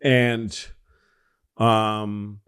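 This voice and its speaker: Low-voiced man telling rambling stories. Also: flat delivery, drawn-out words, a bit bright, smooth. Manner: rambling, self-correcting, profane. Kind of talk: casual comedic storytelling.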